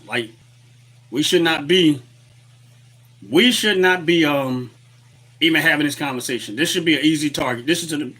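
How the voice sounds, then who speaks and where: A man's voice: a little high, pushed and bright, husky. A man hosting a political livestream, talking in a heated, repetitive rant and greeting chat viewers. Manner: fired-up, repetitive, reads chat aloud. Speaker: livestream host. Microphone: webcam setup at desk.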